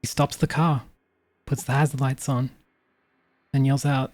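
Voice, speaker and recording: A game master narrating a tabletop vampire game in a descriptive, measured way. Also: medium pitch, flat delivery, darkish tone, no echo.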